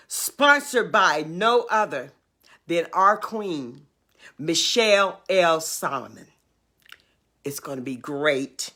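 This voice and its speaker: An older woman chats on her home livestream, announcing events and pitching her wares. She speaks slowly and emphatically, stretching out her words. Her voice is bright and lively, rising and falling a lot. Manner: emphatic, drawn-out, animated selling and urging. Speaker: livestream host. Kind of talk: casual livestream chat and announcements.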